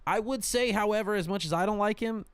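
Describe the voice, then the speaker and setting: A man's voice: sits high, fast talker, smooth, no room sound. A man hosting a podcast in casual chat, blunt and swearing freely, often trailing off with ums. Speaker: podcast host.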